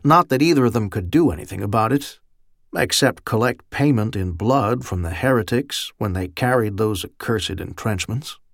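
A man giving steady, measured audiobook narration on a close studio mic. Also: lowish voice, gravelly, dry recording.

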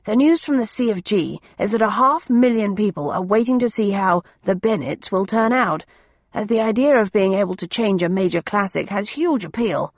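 Brief: woman reader as a clipped, hurried older gent, dull audiobook sound. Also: mid-range voice, expressive, no echo. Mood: urgent. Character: brisk fussy older English gentleman official.

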